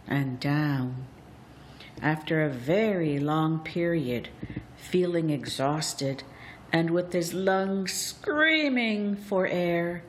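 A woman telling a folk tale aloud, in a deliberate, expressive storytelling manner. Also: fairly low pitch, a little hiss or hum. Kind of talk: storybook narration.

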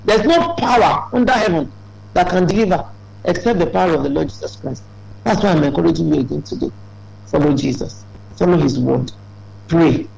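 Man, sermon, emphatic preaching, high voice, gravelly. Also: a little fast, mellow, rough recording.

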